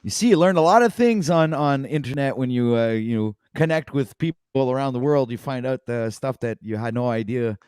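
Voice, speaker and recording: A man's voice: medium pitch, brisk, hardly any pauses, darkish tone, clean tone, no echo, studio quality. A man hosting a casual livestream panel, rambling easily and reading the chat aloud. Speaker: livestream host.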